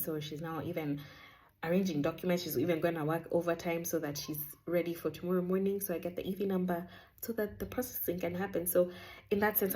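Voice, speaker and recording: A woman, casually telling a faith story in a chatty, animated way. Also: on the low side. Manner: chatty, animated, sprinkles in Swahili words. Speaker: vlogger sharing a faith testimony.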